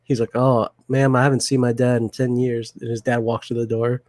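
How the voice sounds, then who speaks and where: A man's voice: mid-range voice, flat delivery, brisk, darkish tone, no room sound. A man co-hosting a casual podcast about a comedy film, laughing often and acting out scenes he quotes. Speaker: podcast co-host. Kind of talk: casual movie chat.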